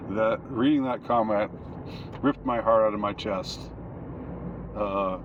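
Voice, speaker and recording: Low-voiced man, halting casual monologue, recorded dull in a noisy car. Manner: rambling, halting, many restarts. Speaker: commentator. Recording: dull lo-fi with steady noise.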